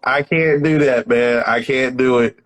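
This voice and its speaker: A comedian talking in a loose, animated way, laughing through his stories. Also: mid-range voice, unhurried, rough recording. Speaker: comedian guest. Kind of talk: casual chat.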